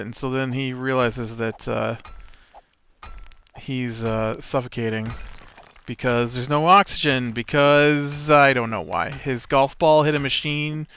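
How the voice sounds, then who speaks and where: A man's voice: medium pitch, fairly even intonation, a little slow, fairly bright tone, clean tone. A man hosting a let's play, chatting casually over gameplay in a rambling, nitpicky way with many fillers.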